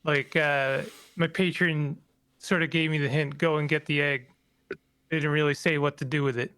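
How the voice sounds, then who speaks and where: Bright, smooth-voiced man thinking aloud. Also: fairly high pitch, flat delivery. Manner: halting, thinks aloud with restarts. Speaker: player. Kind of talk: casual tabletop play.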